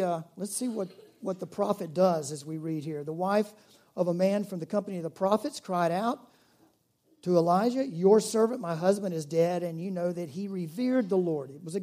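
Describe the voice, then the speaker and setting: A male pastor preaching a conversational sermon to his church, growing animated when he stresses a point. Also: sits high, normal speed. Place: church in Myrtle Beach.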